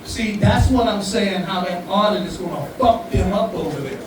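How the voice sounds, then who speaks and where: A man hosting a live community event, talking casually to the crowd in a profane, joking, animated way. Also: high-pitched, moderate pace. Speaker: event host. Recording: very echoey room, far from mic, audible background noise.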